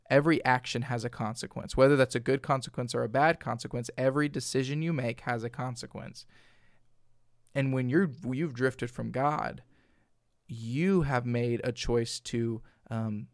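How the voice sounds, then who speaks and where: A man's voice: mid-range voice, dry recording, studio quality. A man co-hosting a devotional show, reading a Bible passage aloud and then explaining it in an earnest, teaching way. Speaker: co-host of a lunchtime devotional show. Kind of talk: casual devotional chat and scripture reading.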